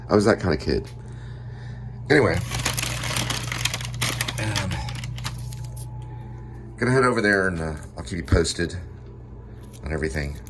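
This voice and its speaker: A man's voice: sits low, unhurried, pauses often. A man from Texas chatting casually at home for his vlog, rambling with lots of fillers and corny jokes. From Texas, USA. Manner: rambling, many fillers, jokey. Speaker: vlogger. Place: at home indoors. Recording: steady background noise.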